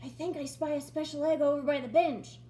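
A woman's voice: sits high, steady tone, warm tone, slight background noise, pitched above the performer's own voice, natural voice. A woman voicing a greedy, eager farm horse, in a storybook reading. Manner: eager, quick. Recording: roomy echo.

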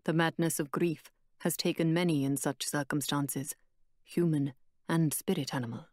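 A woman voicing a calm, solemn male warrior guide who speaks in a measured, reassuring way. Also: on the high side, no echo, studio quality, voice pushed down, lightly acted. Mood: somber.

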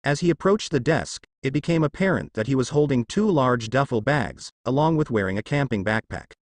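Animated male fan fiction narrator. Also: mid-range voice, fairly quick, dry recording. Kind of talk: fan fiction story reading.

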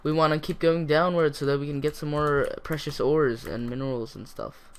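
A man casually commenting as he plays a video game, rambling and chatty with sudden bursts of excitement. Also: fairly high pitch, moderate pace, slight background noise. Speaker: gaming YouTuber. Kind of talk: casual let's-play commentary.

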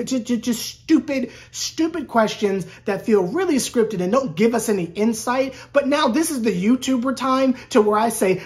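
A woman's voice: a little high, lively intonation, moderate pace, hardly any pauses. A woman sports YouTuber talking in a casual, rambling vlog rant. She is sarcastic and keeps restarting her sentences. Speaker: sports YouTuber covering a basketball team.

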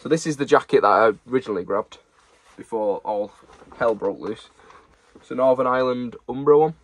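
A young man with a mid-range voice speaks fairly quickly in a casual haul chat. As an online reseller, he chats and rambles while showing off the secondhand football shirts he's selling.

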